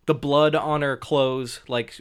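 A man's voice: mid-range voice, steady tone, slow pace, clear, resonant tone. A man co-hosting a casual movie review podcast, talking in a laid-back way, picking at small details and swearing casually. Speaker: podcast co-host.

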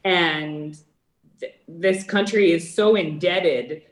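A Canadian woman with a very low voice talks as a guest on a call. She is reflective and earnest and hesitates a little. Her voice sounds echoey, as if she is in a roomy space. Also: slow pace. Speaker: guest calling in. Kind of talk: casual interview answer.

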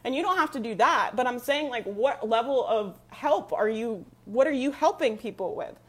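A woman's voice: a little high, expressive, moderate pace. Emphatic motivational woman on a live stream. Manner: emphatic, repetitive, motivational, with frequent laughs. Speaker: online business coach. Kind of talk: live stream pep talk.

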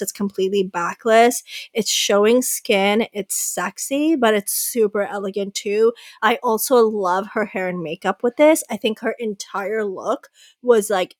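A woman's voice: medium pitch, dry recording. Gushing young woman, dry close sound. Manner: enthusiastic, gushing. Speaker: co-host. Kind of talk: casual fashion chat.

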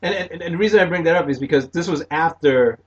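A man's voice: on the high side, quick pace, lo-fi sound. A man co-hosting a casual podcast chat about films, explaining points in a wry way. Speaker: podcast co-host. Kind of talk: casual film review chat.

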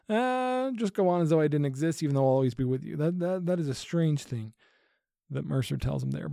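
A man's voice: a little high, warm tone, no echo, clean studio sound. A man hosting a Bible-based podcast, talking in an earnest, preaching way and repeating phrases for emphasis. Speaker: podcast host.

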